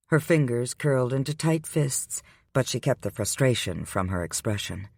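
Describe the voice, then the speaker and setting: A man giving the scripted, unhurried narration of a romance audiobook. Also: medium pitch, lively intonation, creaky, darkish tone, dry recording, clean studio sound.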